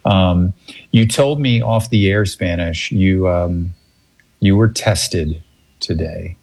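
Low husky-voiced male host, relaxed and rambling, call-in radio. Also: slow. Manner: laid-back, searching for words. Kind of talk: casual radio talk. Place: remote location away from studio.

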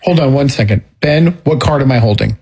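A male co-host with a raspy voice, joking playfully in casual talk. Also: medium pitch, brisk, darkish tone.

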